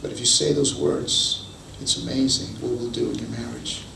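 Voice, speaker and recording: A male pastor preaches a sermon and brings his stories to life by acting out each quote. His voice has a gravelly edge and sounds distant, caught by a far-off mic in an echoey hall with a faint hum behind it. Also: medium pitch, steady tone, normal speed, bright, forceful tone. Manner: storytelling, acts out quotes. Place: church hall.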